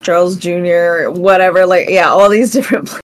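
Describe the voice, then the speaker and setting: Bubbly woman guest on a podcast. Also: on the low side. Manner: bubbly, quick to laugh and exclaim. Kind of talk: casual podcast chat.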